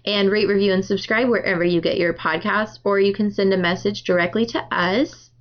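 A woman hosting a casual book-club podcast, animated and laughing often. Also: mid-range voice, brisk. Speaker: podcast host. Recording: dull lo-fi sound.

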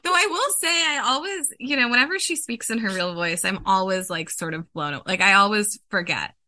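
A woman talks as a guest on a casual podcast, animated and chatty. Her voice is bright with a slight edge. The sound is dry and close. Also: mid-range voice, brisk, no echo. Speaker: podcast guest, film critic. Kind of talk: casual chat.

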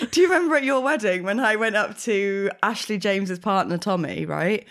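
A woman's voice: mid-range voice, animated, moderate pace, fairly bright tone. Woman, podcast co-host, casual, self-deprecating, laughs often. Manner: laughing, self-mocking storyteller. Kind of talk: casual chat.

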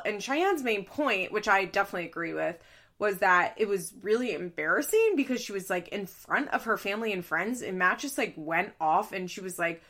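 A chatty woman talking through a reality show recap in a loose, casual way. She voices her opinions frankly and briefly mimics the people she quotes. Her pitch sits in the middle for a woman. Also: animated, moderate pace, a bit bright. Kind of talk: casual chat.

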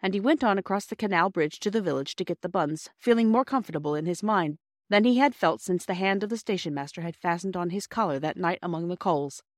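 A woman narrating a classic children's storybook in a measured, clear reading. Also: lowish voice, dry recording, studio quality. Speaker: audiobook narrator.

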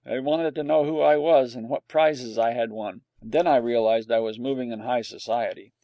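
A man with a gravelly voice reading a storybook aloud in a dry, wry first-person telling. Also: mid-range voice, steady tone, normal speed, warm tone, no room sound, highs cut off. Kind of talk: storybook narration.

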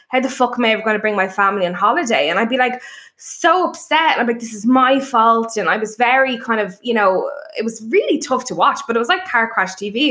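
Blunt, sweary woman chatting. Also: fairly high pitch. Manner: blunt, sweary, animated storytelling. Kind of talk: casual chat.

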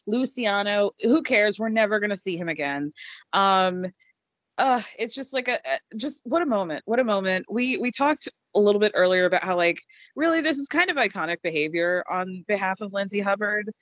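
A woman's voice: mid-range voice, lively intonation, normal speed, a bit bright, dry recording. A young adult woman co-hosting a podcast, recapping a reality show in casual, chatty talk with lots of ums and freely dropped swear words. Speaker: podcast co-host.

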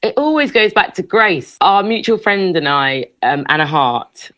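A woman chatting casually as a guest, telling animated stories and laughing often. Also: fairly low pitch, a little slow, no echo, highs cut off. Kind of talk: casual chat.

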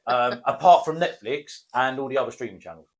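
A man's voice: medium pitch, brisk. Sweary British man telling a story. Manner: rambling, sweary storytelling with chuckles. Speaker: podcast host. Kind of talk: casual podcast chat.

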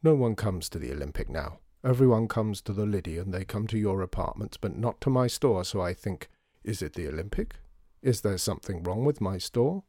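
A man's voice: lowish voice, lively intonation, dark tone, slightly rough, dry recording, clean studio sound. A man doing Mister M, a sad shy shopkeeper. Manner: slow and sad.

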